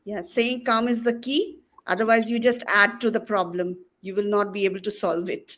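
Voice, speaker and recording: A woman's voice: mid-range voice, steady tone, normal speed, a bit bright. A woman moderating a school webinar panel, polite and a little hesitant, with frequent fillers. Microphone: video call.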